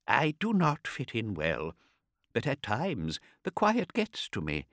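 A solemn old astropath with a quiet, unhurried voice, as a male narrator puts him on. He talks with courtly care, slow and hushed, swooping from low murmurs into higher, strained notes. It is a storybook figure, dry and close. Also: huge pitch swings, no room sound, exaggerated voice. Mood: measured. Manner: slow, soft and measured, courtly.

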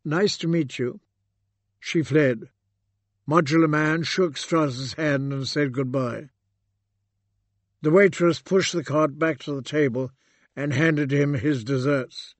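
Male audiobook narrator, calm and deliberate, slow delivery, dry close sound. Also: a little high, no echo. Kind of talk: scripted narration.

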